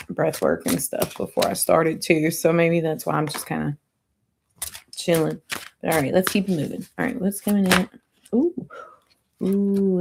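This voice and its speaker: A woman doing a chatty, rambling tarot reading, her voice going hoarse. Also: fairly low pitch, darkish tone, slight background noise. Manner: chatty, rambling, self-interrupting. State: losing her voice. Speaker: tarot reader.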